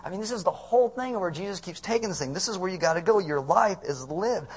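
A man's voice: high-pitched, lively intonation, fast, breathy edge. A middle-aged man preaching a conversational sermon as pastor, asking the congregation questions.

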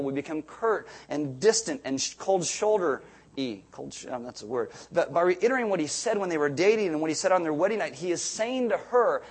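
Husky-voiced man preaching conversationally. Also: on the high side, poor audio. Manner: conversational preaching with asides and restarts. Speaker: pastor. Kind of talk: sermon.

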